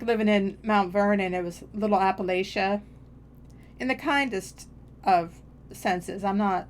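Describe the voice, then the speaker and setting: A woman's voice: medium pitch, a little hiss or hum. Woman streamer just rambling on while she plays, kinda self-deprecating, faint keyboard clicks behind. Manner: chatty, meandering, self-deprecating. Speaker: game streamer. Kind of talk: casual rambling chat while gaming.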